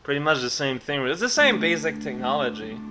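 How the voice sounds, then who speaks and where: Man, fairly high voice, dry sarcastic game commentary over clear background game music. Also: sing-song, brisk. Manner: wry, sarcastic asides. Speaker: let's play host. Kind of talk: let's play commentary.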